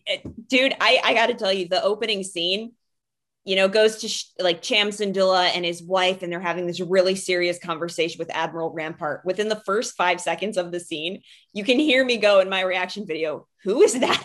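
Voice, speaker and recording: A woman's voice: lowish voice, a little fast, a bit bright. A young woman co-hosting a casual chat, giggly and gushing as she reads out viewer comments. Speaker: podcast co-host.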